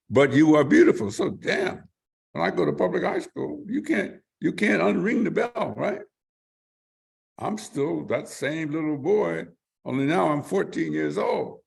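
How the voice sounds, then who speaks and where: A man's voice: high voice, creaky, slightly rough. An older man, a guest in an interview, telling vivid stories and acting out what others said, sometimes repeating words as he searches for them. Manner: animated, vivid storyteller who acts out quotes. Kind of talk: storytelling in an interview.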